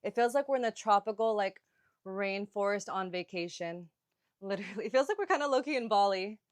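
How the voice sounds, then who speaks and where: A young adult woman leads a live yoga sculpt workout at a brisk clip, her medium-pitched voice recorded dry. Between cues she rambles and gushes, leaning heavily on "like."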